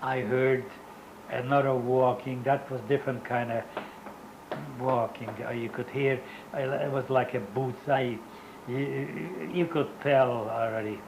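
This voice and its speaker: An older man's voice, medium in pitch and creaky, moves with fairly even intonation through his Holocaust survivor testimony for an oral history interview. English isn't his native language, so he speaks haltingly and often stops to search for words, with background noise audible.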